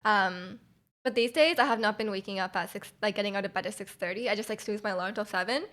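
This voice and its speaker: A woman's voice: mid-range voice, fast, a bit bright. A young woman livestreamer in casual chat with her viewers, rambling with lots of fillers and giggles.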